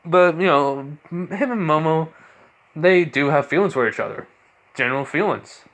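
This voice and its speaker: A man's voice: fairly high pitch, expressive, moderate pace, fairly bright tone. A man improvising a fan story aloud, rambling and full of fillers and restarts.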